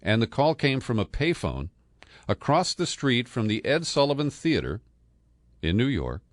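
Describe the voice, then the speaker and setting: A man's voice: medium pitch, very animated, moderate pace, no room sound, studio quality. A man hosting a political podcast, talking through the news in a sardonic, conversational way with frequent fillers and chuckles. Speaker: podcast host.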